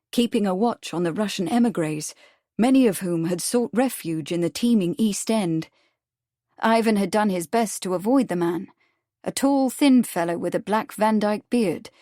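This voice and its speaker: A woman reading a period mystery audiobook in a measured, even scripted narration. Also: mid-range voice, dry recording, studio quality.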